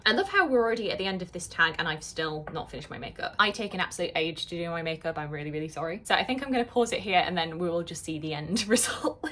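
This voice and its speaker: A woman's voice: lowish voice, expressive, quick pace, hardly any pauses, fairly bright tone. A woman in her twenties from West Yorkshire, chatting casually and self-deprecatingly while doing her makeup for a vlog. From West Yorkshire, England. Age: 20s. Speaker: vlogger. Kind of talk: casual get-ready-with-me chat.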